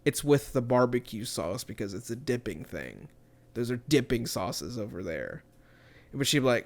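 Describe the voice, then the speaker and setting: A man's voice: medium pitch, very animated, moderate pace, creaky, darkish tone. A young man telling a rambling, swearing story about a coworker in a casual podcast chat. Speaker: podcast co-host.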